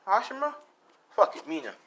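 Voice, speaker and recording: A man's voice: huge pitch swings, brisk, a little hiss or hum, heavily acted, poor audio. A man voicing a bubbly, friendly teenage girl in a raised, eager voice. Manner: bright, high, eager.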